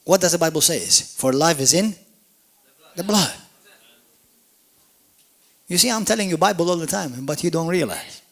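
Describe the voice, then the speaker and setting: Animated Maltese pastor preaching. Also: male voice, fairly high pitch, normal speed, pauses often. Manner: animated, jokey, call-and-response preaching. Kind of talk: sermon. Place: church service.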